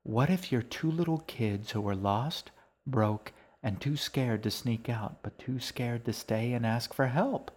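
A man's voice: medium pitch, measured pace, a little mellow, slightly rough. A man reading aloud, voicing a friendly, self-assured young woman who teases two kids.

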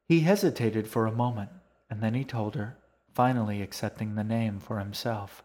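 A man narrating an audiobook in a calm, measured storytelling voice. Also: fairly low pitch.

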